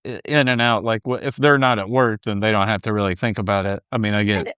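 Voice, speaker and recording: A man's voice: lowish voice, steady tone, quick pace, fairly bright tone, clear, resonant tone, no echo, studio quality. A man co-hosting a podcast in a casual, laid-back way, often hedging his points. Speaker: podcast co-host. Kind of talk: casual recap chat.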